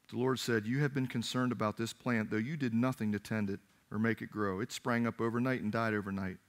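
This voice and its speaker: A male pastor preaching a sermon, telling a Bible story with animated delivery and acting out the characters' voices. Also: on the low side, a little fast. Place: church.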